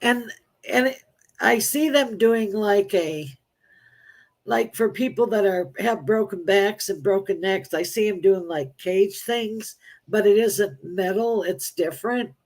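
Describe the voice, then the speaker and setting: Female psychic guest, plain-spoken, halting with restarts. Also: mid-range voice, a little mellow. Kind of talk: casual live-stream chat.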